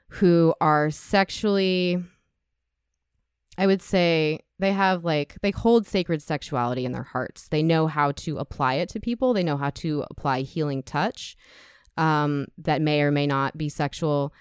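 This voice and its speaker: Brief: frank, heartfelt woman guest, clear resonant voice, dry close sound. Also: low voice, measured pace, no room sound. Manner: candid, emotional, gets choked up. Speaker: podcast guest, sex educator. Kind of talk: casual podcast conversation.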